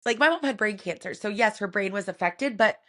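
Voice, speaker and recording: A woman co-hosting a podcast, telling a personal family story in a soft, reflective way with many casual fillers. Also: mid-range voice, lively intonation, fairly quick. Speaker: podcast co-host.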